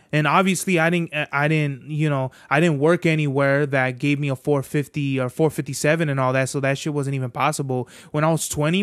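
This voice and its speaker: A man's voice: on the high side, dry recording, studio quality. A man hosting a podcast in a casual, rambling monologue, full of slang and swearing. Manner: profane, slangy, rambling storyteller. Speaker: podcast host.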